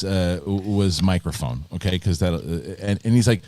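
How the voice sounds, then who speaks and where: A man's voice: low-pitched, normal speed, no echo. A man hosting a live video podcast, telling stories in a casual, rambling way with lots of restarts. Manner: animated storyteller, rambling with many restarts. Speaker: host.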